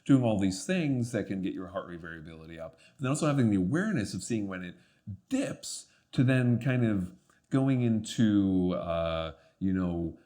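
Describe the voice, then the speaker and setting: Man, podcast guest, low-ish voice, reflective, filler-heavy casual chat. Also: expressive, moderate pace, mellow. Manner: reflective, with many fillers and restarts.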